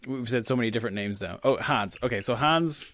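A man's voice: medium pitch, brisk, fairly bright tone, no room sound. A man co-hosting a casual podcast chat, rambling and joking as he corrects himself. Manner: rambling, self-correcting, jokey. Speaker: podcast co-host.

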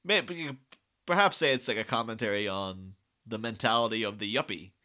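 A man's voice: lowish voice, a little fast, pushed and bright. A man co-hosting a podcast, rambling through casual analysis with many fillers, acting out quotes and laughing often. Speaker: podcast co-host.

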